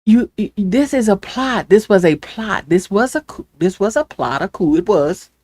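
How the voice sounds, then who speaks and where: A woman hosting her own show, delivering an angry, impassioned political rant that swings from loud outbursts to hushed pleading. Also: medium pitch, lively intonation, moderate pace, slightly rough, no room sound. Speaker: show host.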